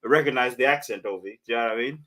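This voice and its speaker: A man's voice: mid-range voice, very fast, bright, forceful tone. Podcast host guy, mid voice, teasing his guests with questions. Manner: teasing, pushes follow-up questions. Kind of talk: casual podcast chat.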